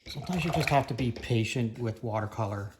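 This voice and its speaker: A man giving a casual painting tutorial, thinking aloud and correcting himself as he works, his voice slightly hoarse. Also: medium pitch, a little fast, noisy background. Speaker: painting instructor.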